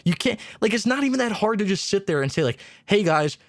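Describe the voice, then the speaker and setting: Man ranting about gaming, exasperated, swearing, slightly high voice, dry close mic. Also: very animated, fast talker, no room sound. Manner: exasperated, swears, mocks companies in put-on voices. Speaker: gaming channel host. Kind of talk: casual ranting commentary.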